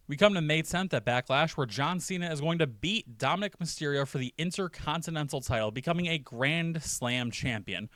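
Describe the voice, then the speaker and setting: A man's voice: fairly high pitch, a bit bright, no echo. A man giving casual, profane, jokey commentary on a wrestling storyline, acting out short quotes along the way.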